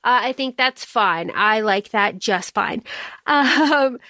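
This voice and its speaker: A woman's voice: a little high, animated, slow, bright, forceful tone, no room sound, studio quality. A woman co-hosting a podcast, chatting casually about a book, laughing and acting out quoted lines. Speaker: podcast co-host.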